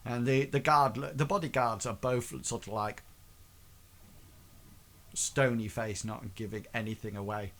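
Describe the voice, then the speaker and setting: Male game master, mid-pitched, halting and rambling narration. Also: fairly even intonation, fairly bright tone. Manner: hesitant, rambling, many fillers.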